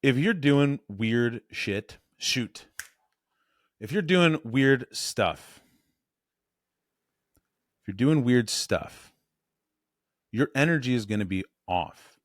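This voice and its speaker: A man coaching on voice and presence in a blunt, animated, casual way, correcting himself as he goes. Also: mid-range voice, takes it slowly, long pauses, dry recording, studio quality.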